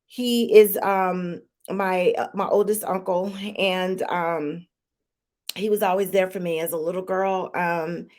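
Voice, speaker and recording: A woman's voice: lowish voice, fairly even intonation, takes it slowly, a little mellow. A woman hosting a live-streamed talk show, chatty and emotional with many fillers and restarts, holding back tears. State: tearful, holding back crying.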